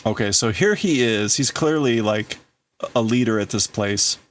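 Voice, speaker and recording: A man hosting a livestream, casually translating manga aloud and thinking out loud in broken-up phrases. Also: lowish voice, normal speed. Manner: thinking aloud, breaking up phrases, laughing at himself. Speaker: livestream host.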